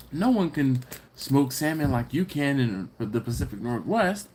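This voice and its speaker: Animated man hosting a live chat. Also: medium pitch, unhurried, slight background noise. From Philadelphia. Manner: animated, laughs often, reads comments aloud. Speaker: livestream host reading chat.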